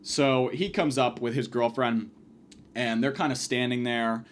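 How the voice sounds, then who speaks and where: A man hosting a podcast, telling a rambling, profane comic story in a casual, animated way. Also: mid-range voice, slight background noise. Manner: profane, rambling, fast, lively delivery. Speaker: podcast host.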